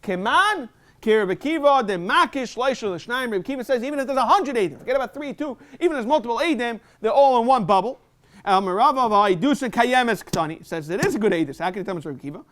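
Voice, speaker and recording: Fast, high-voiced man teaching Talmud. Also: lively intonation, fairly bright tone. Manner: quick, mixes Aramaic reading with English explanation and questions. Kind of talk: Talmud study lesson. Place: synagogue.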